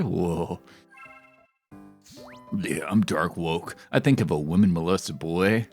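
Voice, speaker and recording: A man's voice: sits low, slow, long pauses, soft background music. A man streaming a cooking game, chatting casually and making crude, rambling jokes with lots of fillers. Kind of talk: casual gameplay commentary.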